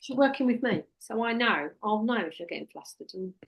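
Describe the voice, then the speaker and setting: A woman's voice: fairly high pitch, animated, fairly quick, gravelly, breathy edge. A woman, a hypnotherapy trainer teaching one-to-one in a direct, practical way and quoting what she tells clients in a soothing voice.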